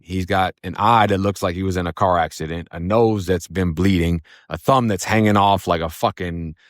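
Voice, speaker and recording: Low-voiced blunt, profane male storyteller. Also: no room sound, clean studio sound. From Florida. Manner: blunt and profane, with many fillers. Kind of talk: casual spoken storytelling.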